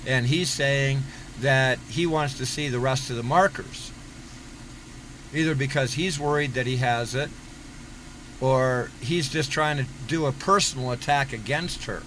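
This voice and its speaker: A man's voice: mid-range voice, a little slow, fairly bright tone, slight background noise, poor audio. A man giving sarcastic commentary on a livestream, recapping and mocking what others said.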